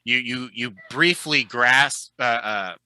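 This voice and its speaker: A man narrates a tabletop session as game master, his voice very bright and sharp. He talks in a relaxed, chatty way and fills his sentences with ums and uhs. The sound is dry and close. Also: medium pitch, slow, clear, resonant tone, no room sound, poor audio. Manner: relaxed, chatty, with frequent fillers.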